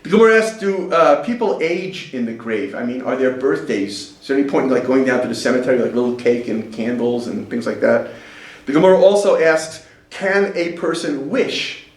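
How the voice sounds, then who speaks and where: A man's voice: mid-range voice, lively intonation, normal speed, far from the mic. Joking middle-aged man teaching a class, echoey room. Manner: chatty and joking, acts out quotes in funny voices. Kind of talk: casual lecture to a class.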